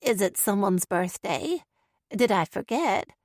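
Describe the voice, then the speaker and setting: A woman reading an audiobook, voicing a confused, cheery grandmother who is quick to feel hurt, in a slow, wavering voice. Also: mid-range voice, expressive, no echo, studio quality. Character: confused, cheery old grandmother, easily wounded.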